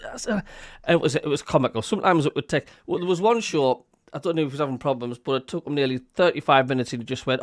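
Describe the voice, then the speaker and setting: A man's voice: on the high side, fast, no echo, studio quality. A man with a Sunderland accent hosting a casual podcast, telling stories animatedly. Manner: animated storytelling with laughter and quoted voices. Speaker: host.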